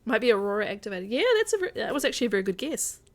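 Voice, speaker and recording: A woman's voice: mid-range voice, big pitch swings, rapid-fire. A woman chatting casually with her viewers while she plays a game on a live stream. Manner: chatty, addresses viewers directly.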